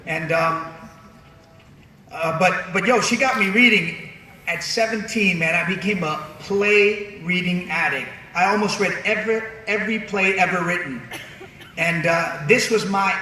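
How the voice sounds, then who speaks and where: A man giving a comedic commencement speech, an animated storyteller who slips into funny voices. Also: high-pitched, a little slow. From New York City. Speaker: commencement speaker. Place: large ceremony venue. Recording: very echoey venue, distant mic, audience noise.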